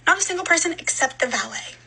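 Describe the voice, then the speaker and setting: A woman telling a personal story in a casual storytime style, animated and exasperated. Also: very high-pitched, quick pace, poor audio.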